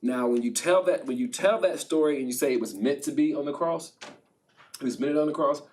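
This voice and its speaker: A man's voice: a little high, fairly quick, far from the mic. Man telling a story, away from the mic. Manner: lively retelling, slangy and laughing. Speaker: spiritual advisor guest. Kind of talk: animated storytelling in casual chat.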